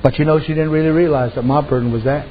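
A man's voice: on the high side, fairly even intonation, fast talker, a little hiss or hum. A man preaching a sermon in a folksy storytelling way, often adding "amen" and "I said". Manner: folksy, repeats "amen" and "I said", uses dialect. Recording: dull lo-fi sound.

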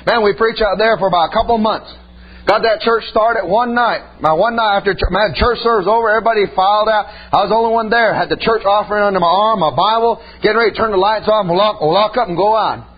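A man's voice: high-pitched, fast, husky, dull audio. A man preaching a sermon and telling stories from his ministry, emphatic and folksy, punctuating his points with repeated amens. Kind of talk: sermon with personal storytelling.

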